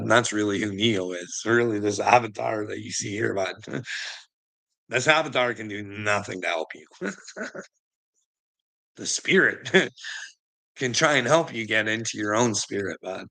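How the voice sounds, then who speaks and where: Gravelly, sharp-voiced man ranting on a livestream. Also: on the low side. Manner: profane, laughs often, calls viewers bud. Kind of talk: casual livestream rant.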